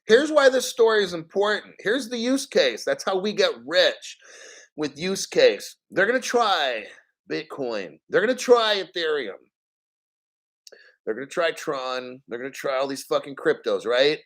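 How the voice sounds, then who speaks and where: A man with a somewhat high voice rants on a casual livestream. He is profane and emphatic, and he keeps hammering his points with rhetorical questions. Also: very animated, a little slow, fairly bright tone. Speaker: crypto livestream host. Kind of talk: casual live-stream rant.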